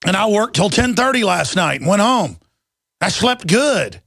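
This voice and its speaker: A man's voice: high-pitched, sing-song, measured pace, creaky, a bit bright, dry recording, studio quality. A middle-aged man hosting a talk radio show, ranting in an angry, combative and scornful monologue.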